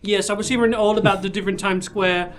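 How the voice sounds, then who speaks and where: A man's voice: high voice, fairly even intonation, quick pace, fairly bright tone. A man playing a sheepish ex-Amish defendant. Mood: evasive. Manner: evasive and rambling. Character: ex-Amish young man posing as a Londoner. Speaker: improv defendant.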